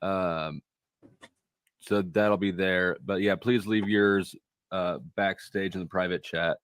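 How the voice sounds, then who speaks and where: A man hosting a live stream panel in a relaxed, laid-back way, with quick asides to the panel. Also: deep voice, clean tone, no room sound.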